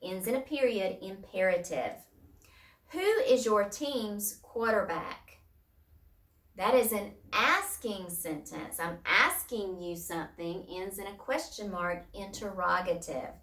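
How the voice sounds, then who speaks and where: A woman's voice: medium pitch, unhurried, hardly any pauses, pushed and bright. A woman teacher giving a recorded distance-learning lesson who talks patiently and repeats her key points. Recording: roomy sound from a distance.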